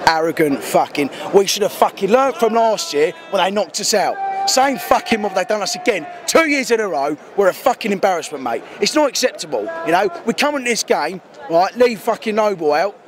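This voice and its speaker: A man rants furiously into a handheld mic outside a stadium. His voice sits very high for a man, and he swears heavily through a raw, angry post-match tirade. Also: animated, brisk, few pauses, over music. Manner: furious ranting, heavy swearing. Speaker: football fan. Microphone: handheld interview mic.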